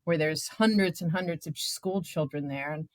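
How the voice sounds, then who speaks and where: Woman in her fifties, journalist guest; lowish voice, dry close sound, animated and emotional storytelling, lots of "you know". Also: moderate pace, no room sound. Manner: animated, emotional, many filler words. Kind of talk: candid conversational storytelling.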